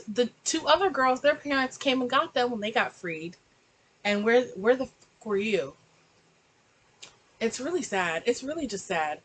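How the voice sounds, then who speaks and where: A woman's voice: a little high, breathy edge, poor audio. A woman chatting animatedly in a casual reaction review, recorded on a laptop mic and slipping into mocking voices. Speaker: book and TV reviewer.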